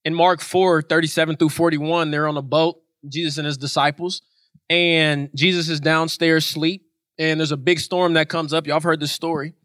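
A man's voice: a little high, level tone, moderate pace, a bit bright, no room sound, clean studio sound. A man preaching a sermon in an earnest way, repeating his points for emphasis.

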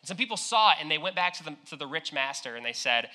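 A man's voice: on the high side, animated, fast talker, hardly any pauses, pushed and bright. A young man preaching a sermon in a casual, conversational way, retelling a parable with slang and acted-out quotes.

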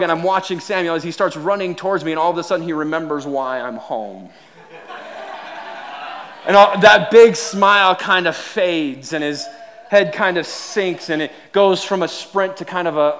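A man in his thirties preaches with a somewhat high-pitched voice, telling a family story from the pulpit. He acts out the voices in his story with animation, and his phrasing stumbles and restarts as he goes. The delivery is a pastor's storytelling sermon. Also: normal speed, a bit bright.

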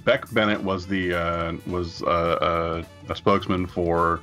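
A man co-hosting a podcast in profane, laughing banter, halting on "uh" and "like", recorded at a diner. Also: sits low, flat delivery, sharp tone, faint music behind. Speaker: podcast co-host.

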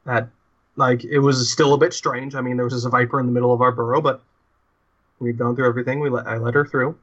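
Tabletop role-play: a man plays a weary male creature guard, secretive, halting speech, mid pitch, slightly muffled audio. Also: little pitch movement, lightly acted. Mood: uneasy. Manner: halting, full of restarts.

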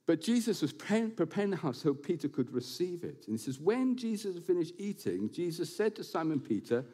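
A man preaching a sermon to his congregation in a church building, animated and quick to slip in jokes and asides. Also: on the high side. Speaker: pastor.

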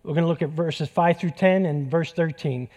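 Middle-aged pastor, light-voiced, joking. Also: male voice, on the high side, normal speed, darkish tone. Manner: conversational preaching with jokes and repeated phrases. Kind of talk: sermon. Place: church.

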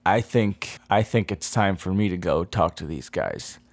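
A man casually chatting while playing a tabletop role-playing game, easygoing and quick to laugh. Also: low-pitched, lively intonation, dry recording. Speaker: player.

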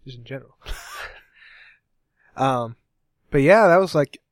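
A man's voice: medium pitch, animated, unhurried, no room sound, clean studio sound. A young man from Cincinnati co-hosting a podcast in casual chat, rambling and correcting himself as he goes. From Cincinnati, USA. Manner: rambling, self-correcting, laughs often. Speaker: podcast co-host.

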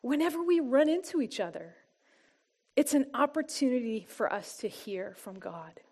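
A woman sharing a heartfelt personal testimony and teaching at a church gathering, her earnest voice often dropping soft and quiet for emphasis. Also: a little high, big pitch swings, moderate pace, breathy edge. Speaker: church small-group speaker.

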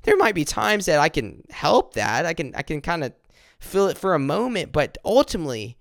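A man from upstate South Carolina, giving an earnest, informal devotional talk that slows down and repeats words when he reads scripture. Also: on the high side, sing-song, vocal fry, fairly bright tone, dry recording, clean studio sound. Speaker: devotional speaker.

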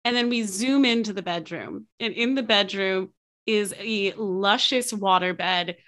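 A woman's voice: medium pitch, measured pace, a bit bright. A woman hosting a podcast interview, chatting casually and gushing with enthusiasm. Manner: effusive, enthusiastic. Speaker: podcast host.

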